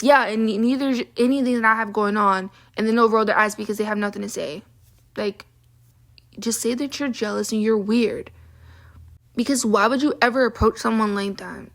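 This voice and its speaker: A woman's voice: a little high, fairly even intonation, brisk. A young woman telling stories in a casual vlog rant, frank and exasperated, with lots of "like" fillers. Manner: frank and exasperated, heavy use of "like". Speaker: vlogger.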